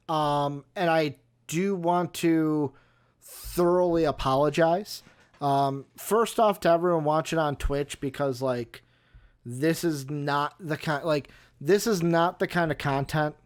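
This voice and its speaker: A man's voice: a little high, smooth. A young man hosting a casual sports talk stream, speaking hesitantly with many fillers. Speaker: host.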